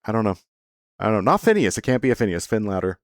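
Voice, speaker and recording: A man telling a casual storytime monologue as a vlogger, rambling and animated, with many fillers and sudden jumps in pitch, playfully teasing his listeners. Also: quick pace, dry recording, clean studio sound.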